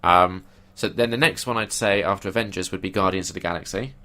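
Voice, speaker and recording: Laid-back man, low voice. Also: quick pace, bright, forceful tone. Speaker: podcast co-host. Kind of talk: casual film discussion.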